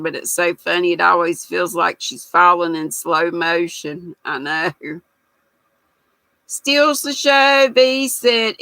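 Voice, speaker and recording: A woman's voice: on the low side, creaky, bright, forceful tone, dry recording, low-quality recording. An older woman hosts a casual livestream, reading out viewer comments in a chatty, folksy manner. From United States. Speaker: livestream host reading chat. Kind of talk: casual chat.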